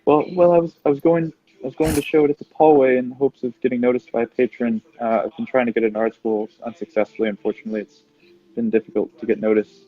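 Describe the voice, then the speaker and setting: A man's voice: lowish voice, level tone, fast, hardly any pauses, breathy edge, phone-quality sound. A man doing a shy, stammering young artist woman. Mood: flustered. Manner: sheepish, stammering. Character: young female aspiring artist, shy and flustered.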